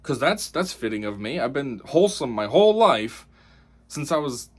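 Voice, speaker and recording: A man's voice: medium pitch, very animated, normal speed, slightly rough. A man mocking a naive young woman turning evil. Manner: mocking, sarcastic.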